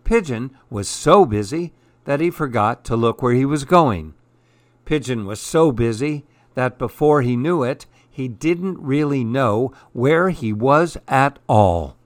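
A man reading a children's picture book aloud in a calm, measured storytelling way. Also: mid-range voice, dry recording.

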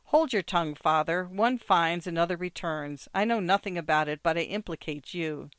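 A reader putting on a rowdy jockey who jeers at an old man across an inn table, the voice pushed up and out. The tone is smooth and the sound is close and dry, as if spoken right into the microphone. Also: medium pitch, moderate pace, no echo, natural voice. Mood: jeering. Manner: loud, jeering.

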